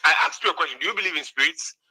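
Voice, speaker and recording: Man debater, sharp-toned and fast, deflects with questions; dry recording. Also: on the high side, expressive, slightly rough, dry recording, low-quality recording. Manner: defensive, answers with counter-questions. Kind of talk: heated religious debate.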